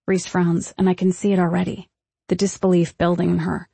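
A woman narrating a first-person audiobook in a measured, tense storytelling manner. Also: fairly low pitch, level tone, gravelly, dark tone, breathy edge, no echo.

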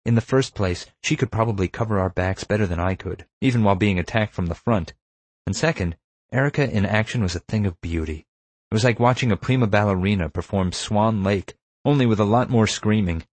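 A man with a deep, low voice reads an audiobook in a wry, measured way. The recording is close and dry, with no room sound. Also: a little mellow, dry recording. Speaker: narrator. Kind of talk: audiobook narration.

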